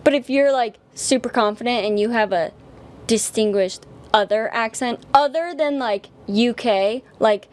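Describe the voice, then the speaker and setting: A woman's voice: a little high, unhurried. A young woman co-hosting a casual podcast, talking bluntly and with plenty of swearing, often acting out what people say. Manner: blunt, profane, jumps between quoted voices. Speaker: podcast co-host.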